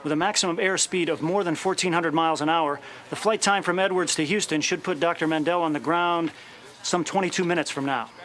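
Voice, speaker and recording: A man plays a TV correspondent at a space center, brisk and informative. His voice is bright, sharp and a little high. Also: close to an everyday voice. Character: male TV reporter at space center. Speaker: field correspondent. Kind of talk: scripted TV news report.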